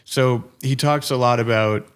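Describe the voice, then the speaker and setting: A man's voice: mid-range voice, fairly even intonation, unhurried, clear, resonant tone. A man hosting a podcast, explaining ideas thoughtfully in casual chat with many filler words. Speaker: podcast host.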